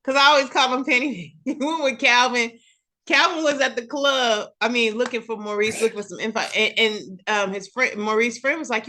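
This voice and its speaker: A woman hosting a casual recap chat, telling the story with lively acted-out quotes. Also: on the high side, a little fast. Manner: animated storytelling, acts out characters' lines. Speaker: show recap host.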